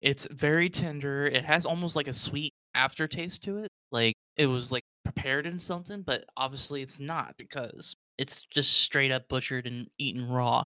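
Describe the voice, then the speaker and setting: A man's voice: mid-range voice, moderate pace, hardly any pauses, bright, forceful tone, smooth, no echo. Man game master, casual rambling narration, dry close sound. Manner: casual, many fillers like "like".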